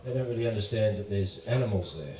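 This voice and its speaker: A man's voice: on the low side, fast talker, a little mellow, a little hiss or hum. A man with an Australian accent doing a stand-up routine, telling stories in a profane, ranting way and mimicking voices. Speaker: stand-up comedian. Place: live comedy venue. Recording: echoey room, from far off.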